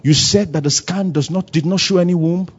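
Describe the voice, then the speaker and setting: A man preaching a sermon at a church service, acting out little dialogues and swinging between loud and soft. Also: high voice, fairly quick, breathy edge, lo-fi sound. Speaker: pastor.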